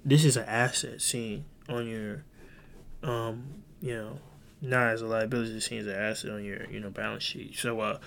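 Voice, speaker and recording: Dude putting on a sharp lady lawyer, dry and pointed, knows she's got him. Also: on the low side, steady tone, normal speed, vocal fry, slight background noise. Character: sharp, knowing female lawyer.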